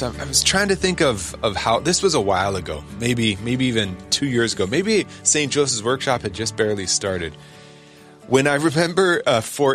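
A man's voice: on the low side, a bit bright, dry recording, clean studio sound. A man hosting a radio talk show, chatting casually with a co-host, stifling laughter and restarting his sentences.

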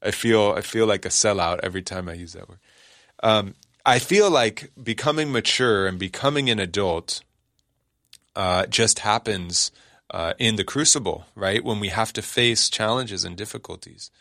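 A man's voice: fairly low pitch, normal speed, fairly bright tone, dry recording, studio quality. Man hosting radio talk, stifling laughs. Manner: joking, stifling laughter, rambling restarts. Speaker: radio show host. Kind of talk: casual on-air talk.

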